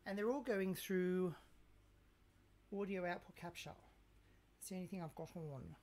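A woman's voice: fairly low pitch, normal speed, gravelly, dark tone. A woman chatting casually to her viewers while cooking in her home kitchen, talking to herself and joking with mock threats. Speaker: cooking livestreamer. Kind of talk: casual live-stream chat while cooking.

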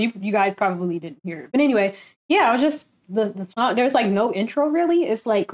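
A woman hosting a casual album reaction video, chatty and excitable, laughing often. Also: mid-range voice, fairly quick.

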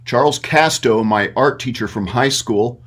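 A man's voice: medium pitch, measured pace, a bit bright, breathy edge. A middle-aged man with a mid-range voice, chatting casually as an interview guest. He talks in loose, rambling runs and leans on fillers as he goes. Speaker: guest, puppet maker.

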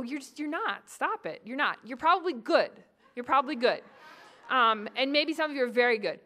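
A woman in her forties from New England gives a conference lecture in a high-ish voice. She keeps the audience engaged with lively, joking asides. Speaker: psychology professor giving a talk.

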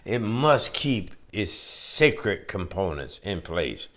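A male preacher delivering a sermon with a lively, swooping pitch. He hammers points home through repetition and emphatic rising peaks. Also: takes it slowly.

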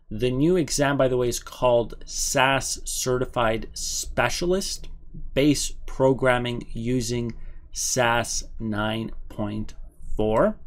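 A man teaching programming courses, talking casually to viewers about certification with a relaxed, conversational manner and frequent fillers. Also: mid-range voice. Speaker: SAS programming instructor. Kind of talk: casual explanatory talk to camera.

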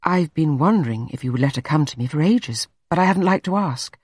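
A narrator voicing a gentle, honest young woman who speaks earnestly and eagerly. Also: deep voice, animated, fast talker, breathy edge, dry recording, studio quality. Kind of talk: audiobook character reading.

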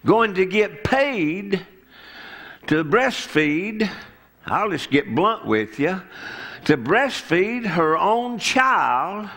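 Slow, animated preacher. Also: male voice, high-pitched. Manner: folksy, storytelling preacher who acts out the characters' lines. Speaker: pastor. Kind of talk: sermon. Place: church sanctuary.

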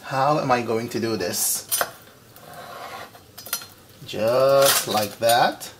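A man's voice: medium pitch, very slow, noisy background. A man hosting his own home cooking vlog from his kitchen, flamboyant and sassy, calling viewers "honey" and "baby" and breaking into frank rants. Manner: frank, ranty asides to viewers. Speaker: home cooking show host. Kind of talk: casual cooking vlog to camera.

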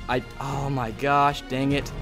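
A young man giving casual, excitable commentary over his own gameplay as a gaming channel host, chatting to his opponents. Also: medium pitch, takes it slowly, over music. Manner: excitable, talks to opponents, bursts into shouts.

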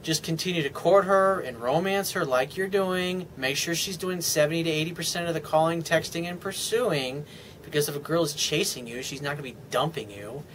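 A man's voice: a little high, a little fast, a bit bright, slight background noise. A man giving dating advice as a coach, blunt and emphatic, with casual swearing. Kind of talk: advice monologue to a viewer.

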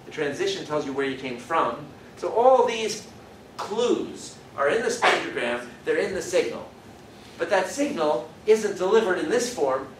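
A man's voice: fairly high pitch, fairly bright tone, distant mic, slight background noise. Man lecturing in an echoey hall. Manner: explanatory, thinks aloud, demonstrates vowel sounds. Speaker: university lecturer. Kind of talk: classroom lecture.

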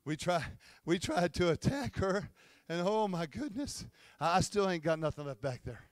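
A pastor voicing a sheepish, beaten little male imp who mumbles nervously in a hushed voice. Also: high voice, lively intonation, moderate pace, no echo, pitched below the performer's own voice.

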